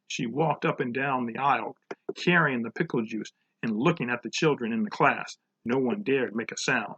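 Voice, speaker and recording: A man reads a children's chapter book aloud at an easy, informal pace, with the odd casual aside. His voice sits at a middle pitch. The recording is slightly dull and muffled. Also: moderate pace, pushed and bright, slightly rough. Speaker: program director reading to children.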